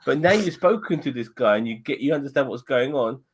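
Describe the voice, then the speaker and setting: A man's voice: mid-range voice, animated, a little fast, slight background noise. A man hosting a casual podcast chat, blunt and ranting with lots of swearing. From United Kingdom. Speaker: podcast host.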